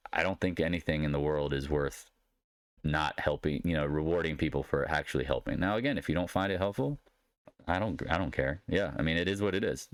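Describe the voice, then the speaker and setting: A man's voice: deep voice, no room sound. A man giving a rambling solo market recap in a blunt, sarcastic manner. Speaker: market commentator.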